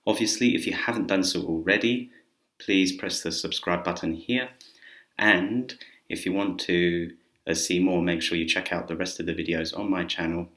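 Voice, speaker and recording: Deep-voiced man teaching English in a roomy space. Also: normal speed. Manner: relaxed, chatty, gives spoken examples with filler words. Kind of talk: casual grammar lesson to camera. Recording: roomy echo.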